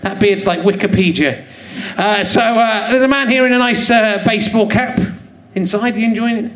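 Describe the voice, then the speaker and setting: A man's voice: high-pitched, normal speed, fairly bright tone. A man hosting a live comedy podcast on a theatre stage, joking and teasing the audience and laughing often. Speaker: comedian host. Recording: echoey theatre with crowd laughter.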